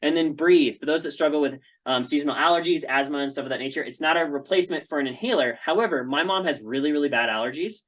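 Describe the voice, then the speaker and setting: A man's voice: a little high, fast, hardly any pauses, a bit bright, rough recording. Chatty man telling stories. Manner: chatty storytelling with frequent asides. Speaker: presenter. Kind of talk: casual presentation.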